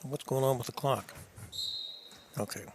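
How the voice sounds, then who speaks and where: A man co-commentating on a high school basketball game in a relaxed, chatty way. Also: unhurried, creaky, noisy background. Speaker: color commentator. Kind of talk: local sports commentary.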